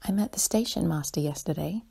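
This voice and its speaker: A woman's voice: fairly low pitch, brisk, heavily acted. A woman whispering as a proud bossy boy. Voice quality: husky, creaky whisper. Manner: soft, hushed storytelling. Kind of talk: whispered role-play.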